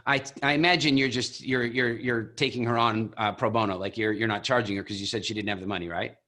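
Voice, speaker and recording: A man leading a coaching call over video, telling stories with animated, expressive delivery. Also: on the low side, fast talker. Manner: animated, expressive storyteller who acts out examples. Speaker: program founder coaching coaches.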